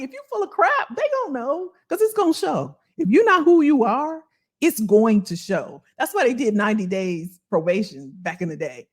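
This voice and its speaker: A woman in her fifties, a career coach, talking casually to her livestream viewers and answering their chat messages. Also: mid-range voice. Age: 50s. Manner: animated, chatty, reads and answers live chat, addresses viewers as y'all.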